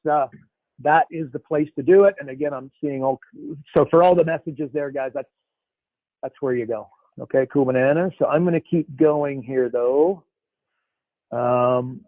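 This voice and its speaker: A fairly high-voiced man hosts a live coaching call over a thin, phone-like line with a dry sound. He talks in an upbeat, slangy way and calls his callers buddy and man. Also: gravelly, no room sound.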